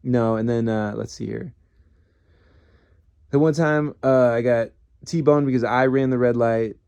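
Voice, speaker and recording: Telling loose, meandering stories, this ex-cop in his thirties curses, mocks himself, and keeps starting over. The voice is mid-pitched and fairly even, a touch slow, with vocal fry, a slightly mellow, clear and resonant tone, and a dry recording.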